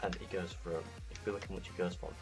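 Man, lowish voice, calm, understated, faint music. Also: quick pace. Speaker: gamer reacting to pack opening.

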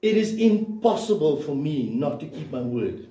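A man's voice: a little high, sing-song, moderate pace, dark tone. A man preaching a sermon as a pastor, emphatic and full of rhetorical questions. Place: church hall. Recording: echoey room, voice from a distance.

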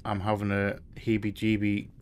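A man's voice: lowish voice, completely flat delivery, moderate pace, a little hiss or hum. A man giving let's play commentary on a horror game: he reads notes aloud, jokes nervously, jumps at scares and swears often. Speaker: streamer playing a horror game.

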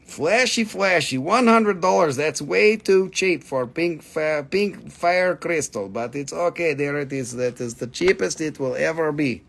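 A man's voice: on the high side, unhurried, creaky, few pauses, fairly bright tone. A man hosting a live stream gem sale, with joking sales patter and a put-on quirky accent that comes and goes.

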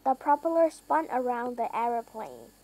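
A woman reading a children's storybook aloud, slowly and carefully, with small slips that she corrects. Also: very animated, darkish tone, low-quality recording. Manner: lifts pitch and volume for characters' lines. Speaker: reader.

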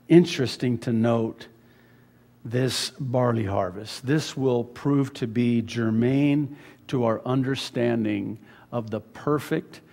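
A man preaching a sermon as pastor, dropping to hushed words and rising to loud emphasis. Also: mid-range voice, in a large hall. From USA. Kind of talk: expository sermon. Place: church sanctuary.

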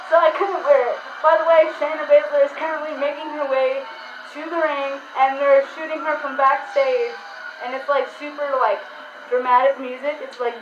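A young woman, chatting excitedly and fast, full of ums and likes. Her voice sits high, and the home recording is echoey and a bit dull, with faint noise behind it. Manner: fast, excitable, rambling with fillers. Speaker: wrestling reaction channel host. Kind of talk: casual live reaction vlog. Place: room at home.

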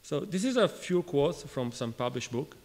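A man from Italy with an Italian accent gives a technical conference talk in a halting way, restarting phrases and questioning the audience. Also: fairly high pitch, very animated, a little mellow. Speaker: conference speaker. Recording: reverberant lecture hall.

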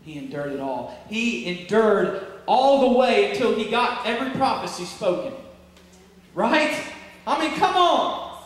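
A man preaching a sermon to his church, emphatic and full of rhetorical questions, swinging between loud peaks and hushed stretches. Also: very high voice, animated, measured pace. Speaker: pastor. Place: church sanctuary. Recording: echoey hall from far off, faint noise.

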